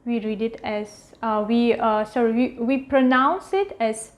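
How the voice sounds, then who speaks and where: A woman teaching a pronunciation lesson at a whiteboard, repeating each word slowly several times. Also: a little high. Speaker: language teacher. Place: at a whiteboard with a marker.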